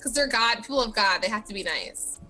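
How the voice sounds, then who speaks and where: A woman's voice: on the high side, expressive, brisk, pushed and bright, soft background music. A woman playing a tabletop game, brash and mischievous, swearing freely. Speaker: player. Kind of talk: casual tabletop play.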